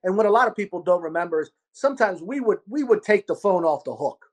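A man with a Baltimore accent, hosting a podcast and telling a restaurant story in a loud, profane, animated way. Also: sits high, quick pace. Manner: animated, profane, acts out quotes. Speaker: podcast host, restaurant owner. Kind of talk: casual storytelling chat.

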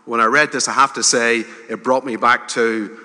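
A man preaching a sermon in a conversational way, with gentle humor and rising emphasis. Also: mid-range voice, steady tone, moderate pace. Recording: hall reverb.

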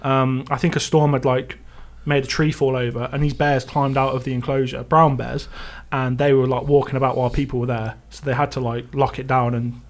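A man co-hosting a podcast in casual chat, enthusiastic and excitable. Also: medium pitch, a little fast, few pauses. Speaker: podcast co-host.

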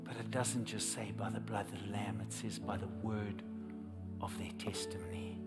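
A man preaching a sermon as pastor, swinging from hushed whispers to loud, impassioned appeals and repeating phrases for emphasis. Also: lowish voice, steady tone, normal speed. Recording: long hall reverb, faint music behind.

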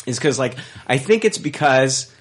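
A man's voice: mid-range voice, lively intonation, normal speed. A man from the American Midwest hosting a podcast, rambling in brash, profane casual chat with many restarts. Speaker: podcast host.

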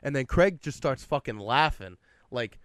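A young man on a podcast, telling stories in an animated way and swearing often. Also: medium pitch, normal speed, clean tone. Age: young adult. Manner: animated storytelling, swears a lot. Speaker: podcast guest. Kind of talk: casual chat. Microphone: podcast mic.

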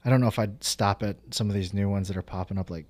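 This is a middle-aged man with a fairly low voice, talking casually as a guest on a podcast. He rambles happily from one story to the next and laughs often, and the recording sounds dry and close. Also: fairly even intonation, fast, darkish tone, dry recording. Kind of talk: casual chat.

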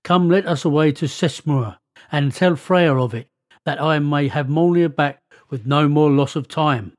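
A man's voice: fairly high pitch, unhurried, dry recording, clean studio sound, natural voice. A man voicing an impatient, mighty male thunder god in a read-aloud myth.

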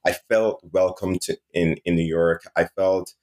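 A man's voice: low voice, fairly even intonation, unhurried, a little mellow. A man from Saint Martin with a Caribbean accent, chatting easygoing and upbeat as an interview guest. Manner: easygoing, upbeat, chuckles while talking. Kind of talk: casual interview chat.

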